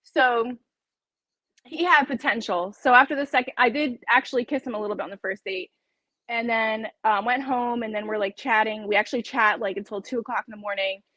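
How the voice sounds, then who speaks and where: A woman's voice: fairly high pitch, fairly even intonation, a little fast, sharp tone, no echo, rough recording. A woman talking casually as an interview guest, chatty and laughing often as she acts out her own dialogue.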